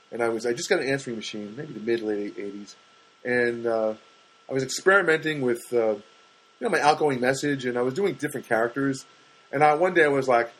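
A middle-aged man, a stand-up comedian, rambling through a comedic monologue and acting out what people said to him. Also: poor audio. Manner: animated, acts out quoted voices with big pitch jumps.

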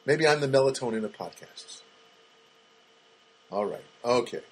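A middle-aged man hosting a podcast, rambling through a comic monologue with halting restarts and dry, self-mocking jokes. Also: medium pitch, slightly rough, poor audio. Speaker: podcast host.

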